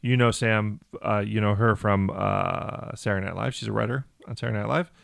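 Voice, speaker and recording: A man's voice: fairly low pitch, fairly even intonation, fairly quick, gravelly, a bit bright, dry recording. A man co-hosting a comedy club podcast in casual chat, joking dryly and plugging upcoming shows. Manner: dry, joking, plugs shows. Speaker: podcast co-host.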